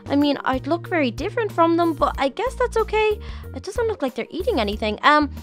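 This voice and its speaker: A woman's voice: very high voice, sing-song, brisk, soft background music. A woman voicing an eager, nervous young schoolgirl, chatting to herself through a game roleplay with gushing exclamations. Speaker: channel host.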